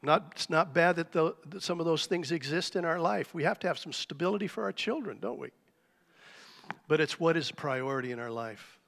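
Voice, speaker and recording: A man preaching a sermon to a church congregation, telling a story with lively, animated delivery. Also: on the high side, vocal fry. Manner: animated storytelling, acts out shouted cries. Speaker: pastor. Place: church sanctuary. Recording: live church hall reverb.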